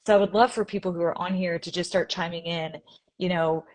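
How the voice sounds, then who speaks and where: A woman's voice: fairly low pitch, steady tone, fairly quick, a little mellow. A young woman from Indiana hosting a casual live stream on a video call, bubbly and chatty, often laughing.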